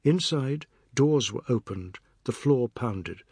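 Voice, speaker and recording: Reading from a novel, an audiobook narrator keeps his scripted storytelling measured and even. He speaks at a medium pitch with a hint of breathiness, captured in a dry recording with clean studio sound.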